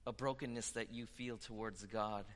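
A man preaching a sermon with passion, dropping to hushed tones and rising to loud declarations. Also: fairly low pitch, steady tone, normal speed, big-room sound. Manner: impassioned, swinging from hushed to loud.

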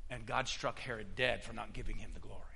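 A man preaching a sermon as pastor, emphatic, swinging between loud declarations and hushed stretches. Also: lowish voice, fairly even intonation, quick pace, creaky, big-room sound, noisy background.

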